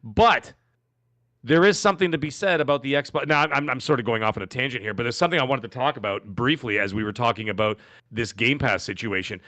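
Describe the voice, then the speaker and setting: A man's voice: mid-range voice, quick pace, no echo. A man co-hosting a gaming podcast in casual chat, talking emphatically and drifting into tangents. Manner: animated, emphatic, goes off on tangents. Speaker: podcast co-host.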